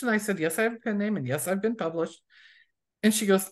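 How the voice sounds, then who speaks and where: Chatty woman telling lively stories. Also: mid-range voice, quick pace. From USA. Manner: chatty storyteller who acts out quoted people. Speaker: romance author, guest. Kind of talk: casual interview chat.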